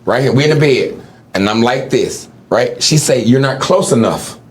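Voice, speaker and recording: A man as a podcast guest, telling animated, slangy stories in casual chat and often cutting in with "listen". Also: medium pitch, moderate pace.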